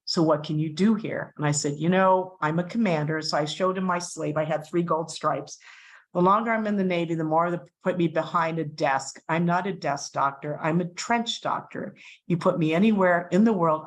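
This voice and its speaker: A middle-aged woman telling a personal story as a guest speaker, animated and acting out the voices of the people in it. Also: deep voice, poor audio. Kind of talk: storytelling talk.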